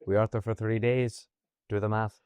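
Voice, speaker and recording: A man's voice: on the low side, level tone, normal speed, a little mellow, smooth, no room sound. A man hosting a casual podcast, enthusiastic and full of fillers. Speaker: podcast host. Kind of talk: casual chat.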